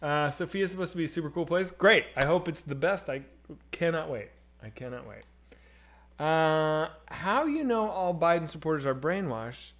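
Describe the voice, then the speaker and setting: A man in his thirties hosting a casual live stream, joking and swearing as he reads chat, swinging between loud and quiet. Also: fairly high pitch, normal speed. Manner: animated, swearing, jokey, swings loud and soft. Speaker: streamer host.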